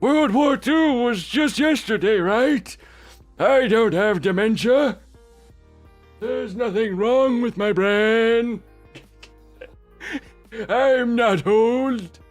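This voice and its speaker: A man's voice: faint music behind, heavily acted. A man doing a crotchety old man. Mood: indignant. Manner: shrill, slow and indignant. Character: crotchety old man, stubbornly denying his age.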